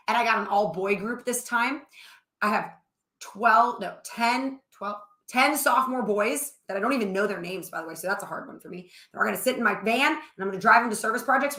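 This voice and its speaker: A woman's voice: mid-range voice, a bit bright. A woman co-hosting a casual chat show with her husband, rambling through long stories in a chatty way. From New Orleans area. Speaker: co-host, wife of the host. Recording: echoey room.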